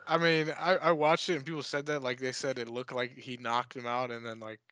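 A man co-hosting a casual podcast, deadpan and darkly joking, swearing freely with lots of "like". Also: mid-range voice, fairly quick, clean tone, dry recording, clean studio sound. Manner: deadpan dark humor, swears, fillers like "like". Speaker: podcast co-host. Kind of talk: casual crude chat.

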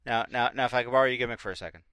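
A man co-hosting a podcast in casual chat, blunt and opinionated and quick to laugh. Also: mid-range voice, pushed and bright, clear, resonant tone, dry recording, studio quality. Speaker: podcast co-host.

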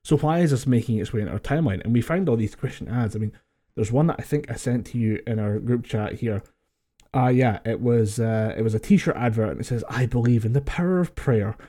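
A Scottish man co-hosts a podcast from home over a voice call, his medium-pitched voice brisk and warm. He chats casually, laughing often and swearing freely while telling stories.

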